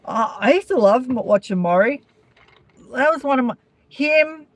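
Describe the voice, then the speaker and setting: A woman's voice: sits high, expressive, normal speed. A woman with an Australian accent hosting a casual live-stream chat, gossiping and answering viewers' comments by name. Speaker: vlogger chatting with live viewers.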